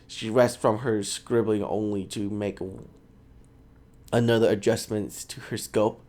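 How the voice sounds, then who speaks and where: Male gaming host, casual reader, self-mocking, unhurried. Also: fairly low pitch, a little mellow. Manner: casual, self-mocking, stumbles over words. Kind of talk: reading game text aloud with asides.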